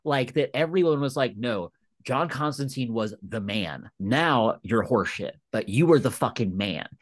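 A man's voice: mid-range voice, lively intonation, normal speed. Casual, thoughtful podcast man. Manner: casual, swears, restarts while reasoning. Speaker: podcast co-host. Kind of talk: casual chat.

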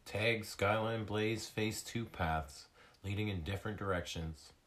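A man narrating a children's chapter book aloud in a steady reading manner. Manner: slow, steady, deep-voiced reading.

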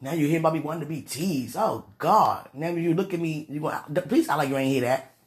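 A young woman vlogging from her bed in a casual confessional chat to viewers, sighing and muttering dramatic pleas to God, swinging between murmurs and loud outbursts. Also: deep voice, fast.

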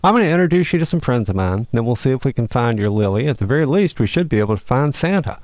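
A man's voice: medium pitch, expressive, fast, darkish tone, no echo, natural voice. A man voicing a cheerful flying female possum hero in a storybook read-aloud, friendly and folksy. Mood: chipper.

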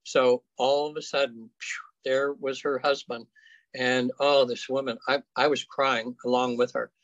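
A man, a guest on an interview show, recounts cases in a casual, halting way full of fillers and restarts. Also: medium pitch, flat delivery, a bit bright, dry recording, lo-fi sound. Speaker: afterlife researcher guest.

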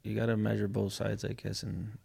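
A man's voice: fairly low pitch, completely flat delivery, fairly quick, creaky, warm tone, husky. A man chatting casually on a podcast, laid-back and slangy, swearing freely.

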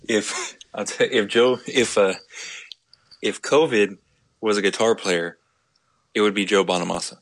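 Deep-voiced man chatting at his desk. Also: no echo. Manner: relaxed, with many uh and um pauses. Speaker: podcast co-host. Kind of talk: casual chat.

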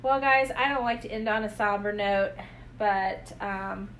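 A woman's voice: mid-range voice, measured pace, fairly bright tone, slight background noise, poor audio. A middle-aged woman co-hosting a podcast, chatting casually in a rambling way with many fillers. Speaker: podcast co-host.

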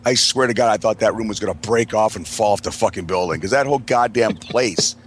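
A man's voice: on the low side, fast, a little hiss or hum. A man, a podcast co-host, telling rambling, profane party stories to friends and laughing often. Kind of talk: casual storytelling among friends.

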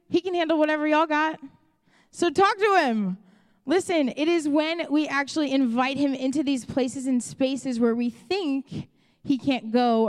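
A young woman pastor with a Chicago accent delivers a candid, conversational sermon in a church auditorium, acting out her own asides. She speaks high-pitched with a darkish tone. The recording carries a long hall reverb.

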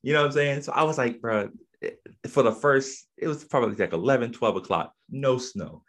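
A man's voice: mid-range voice, brisk, a bit bright. A man hosting a casual podcast chat, laid-back and slangy, often repeating his words as he talks. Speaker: podcast host.

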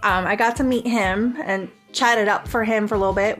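A woman's voice: medium pitch, steady tone, normal speed, hardly any pauses, a bit bright, soft background music. A woman hosting a podcast, telling a personal story in a casual, rambling way full of "um" and "like". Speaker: podcast host.

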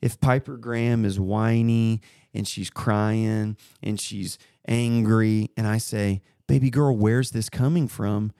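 A man in his thirties co-hosting a casual faith chat, retelling a conversation as a story with animated bursts. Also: lowish voice, slow, clean tone, dry recording, studio quality. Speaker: podcast co-host.

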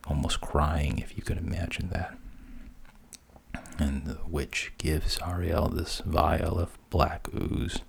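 A man retelling a fairy tale as a hushed, breathy whispered role-play. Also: a bass voice, fairly even intonation, takes it slowly. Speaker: storyteller.

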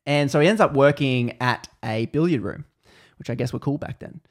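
Man, podcast host, casual rambling storytelling, mid-pitched voice. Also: moderate pace. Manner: rambling, with fillers and acted quotes.

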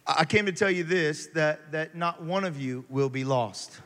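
A man preaching a sermon, moving from quiet scripture reading to loud, animated exhortation. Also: on the high side, measured pace, long reverb tail, a little hiss or hum.

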